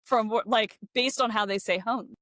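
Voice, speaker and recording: A woman from Philadelphia, co-hosting a casual chat over drinks and telling lively stories full of "like". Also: a little high, normal speed, dry recording, clean studio sound. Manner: chatty, fillers of "like", lively anecdotes. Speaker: co-host. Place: California.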